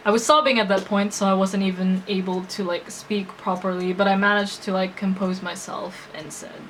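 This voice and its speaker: A woman's voice: medium pitch, level tone, normal speed, a little hiss or hum, low-quality recording. A young woman telling a personal story to her vlog audience, earnest and emotional, full of hesitations and restarts. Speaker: vlogger.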